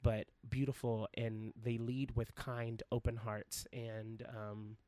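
A man speaking as a Broadway actor guesting on a podcast, earnest and expressive, breaking into laughter often. His voice sits at an ordinary pitch. The sound is close and dry, with no room echo. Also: takes it slowly. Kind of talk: casual interview chat.

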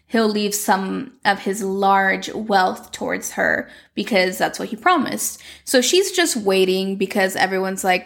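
A young woman recaps a series plot in loose, chatty talk full of "like" and acted-out quotes. Her voice carries a gravelly fry at mid pitch. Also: unhurried, few pauses. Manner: chatty, fills with "like", acts out quotes. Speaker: show recapper.

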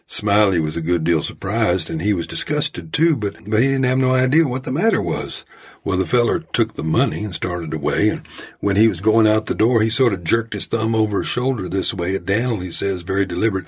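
Man reading as an old mining-camp storyteller, folksy drawl, very husky, deep. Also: animated, brisk. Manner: folksy drawling tall-tale telling.

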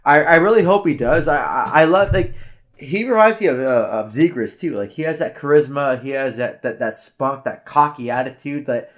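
A man co-hosting a casual hockey podcast, rambling with many halting restarts. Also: mid-range voice, lively intonation. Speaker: podcast co-host. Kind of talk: casual sports chat.

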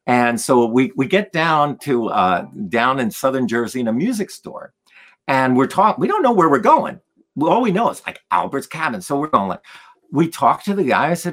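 A man telling stories in conversation as a guest musician, animated and acting out the voices of the people in them. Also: mid-range voice, normal speed. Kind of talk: storytelling in a conversation.

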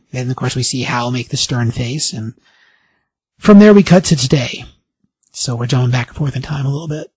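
A man hosting a podcast, casually recapping a comic book story in an animated way, briefly acting out the characters' lines. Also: mid-range voice, a little fast, husky, no room sound. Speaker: podcast host.

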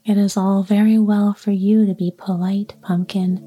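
A woman's voice: medium pitch, flat delivery, normal speed, dark tone, breathy edge, lightly acted. A woman voicing an earnest young boy upset about his ruined garden, in a whispered role-play storybook reading. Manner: earnest, aggrieved.

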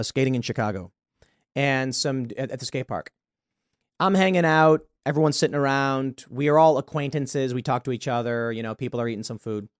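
A man's voice: mid-range voice, dry recording, clean studio sound. A man hosting a political commentary show, reading news stories aloud and reacting bluntly with his opinions. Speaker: show host.

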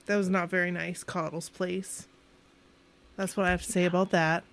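A woman's voice: fairly low pitch, little pitch movement, moderate pace, creaky. A woman in her forties, co-hosting a casual chat and telling stories playfully. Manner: storytelling, playful. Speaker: podcast co-host. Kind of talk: casual chat among friends.

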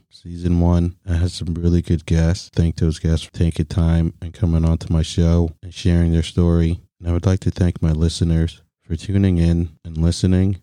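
A man hosting his podcast, talking casually in a flat, deadpan way from a closet at home. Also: sits low, dry recording, studio quality. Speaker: podcast host. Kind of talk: casual podcast trailer talk.

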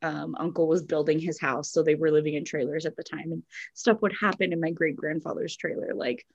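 A woman's voice: low voice, fairly even intonation, brisk, creaky, a little mellow, breathy edge, no echo, dull audio. A woman co-hosting a podcast in a casual chat, reading out a listener's story with lots of giggles, "like" and "um". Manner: giggly, filler-heavy, lots of "like" and "um". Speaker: podcast co-host.

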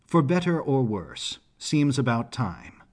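Brief: man reading as a wry young woman adventurer, husky, lightly raised pitch, storybook. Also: sing-song, slow, a little mellow. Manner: dry, wry and self-assured.

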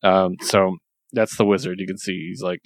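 A man casually recapping a story, chatty and laughing often, quoting characters in quick voices. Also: sits low, flat delivery, no echo, studio quality. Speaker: comic book reviewer. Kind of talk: casual chat.

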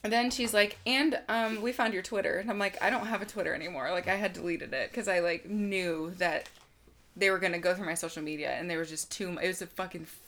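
A woman's voice: fairly low pitch, steady tone, brisk, fairly bright tone. A woman in her twenties co-hosting a podcast, telling a story in casual chat, rambling with lots of "like" fillers and swearing freely. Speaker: podcast co-host.

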